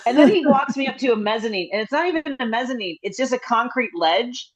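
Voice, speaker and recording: A woman's voice: a little high, lively intonation, crowd noise. Chatty middle-aged woman comic on a call. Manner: rambling, chatty, with quick asides and restarts. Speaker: comedian. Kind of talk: casual comedic storytelling. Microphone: video call. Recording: slightly dull video-call audio.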